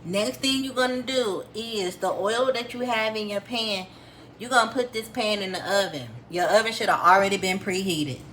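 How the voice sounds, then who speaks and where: A woman's voice: medium pitch, moderate pace, fairly bright tone, a little hiss or hum. A woman vlogger cooking in her home kitchen, talking viewers through the recipe step by step in a chatty, homespun way. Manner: chatty, addresses viewers as y'all, homespun instructions. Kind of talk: casual cooking tutorial.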